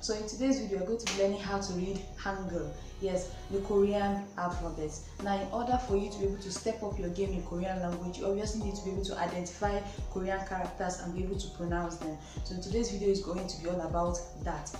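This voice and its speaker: A woman from Nigeria with a Nigerian accent, hosting a lesson and slowly repeating each sound several times. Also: medium pitch, steady tone, roomy sound, music in the background, rough recording. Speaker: Korean language teacher, channel host. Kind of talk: slow spoken lesson.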